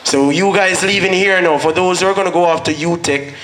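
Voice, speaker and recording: A man's voice: high-pitched, fairly quick, fairly bright tone. A man with a Jamaican accent gives a motivational speech at a school graduation. He tells his story earnestly and slips into patois when he quotes himself. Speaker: guest speaker at a graduation. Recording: echoey hall with faint noise.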